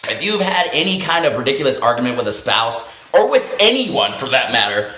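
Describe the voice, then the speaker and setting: Animated, profane storyteller in a roomy echo. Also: mid-range voice, fairly quick. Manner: animated, profane, laughs often mid-story. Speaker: vlogger telling a story. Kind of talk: casual storytelling vlog.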